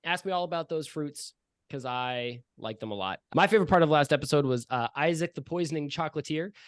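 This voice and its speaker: A man's voice: on the high side, brisk, dry recording, studio quality. A man hosting a comedy tabletop role-play podcast as dungeon master, joking at his own expense with plenty of fillers. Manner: jokey, self-mocking, with frequent uh fillers. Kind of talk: casual tabletop podcast chat. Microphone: remote call mic.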